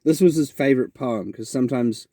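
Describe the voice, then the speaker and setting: A brisk, warm mid-range voice carries this New Zealand man's podcast monologue, a casual, reflective story that rambles and keeps restarting. It's a dry, studio-quality recording.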